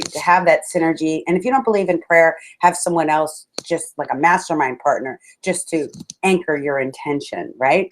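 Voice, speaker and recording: Passionate woman speaker, lowish voice. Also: poor audio. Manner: passionate, emphatic, calls listeners "friends"; laughs often between lines. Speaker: motivational speaker. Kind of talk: live motivational talk to an audience.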